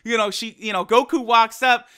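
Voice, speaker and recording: Bright high-voiced excited man reviewing. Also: moderate pace, smooth. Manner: excited, profane, fan-style retelling. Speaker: anime reviewer. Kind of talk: casual episode review.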